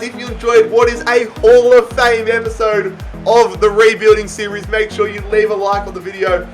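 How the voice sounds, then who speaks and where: A young man giving excited, often yelled commentary on his own football video game match. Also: high-pitched. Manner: excitable, yells at big moments. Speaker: gaming YouTuber.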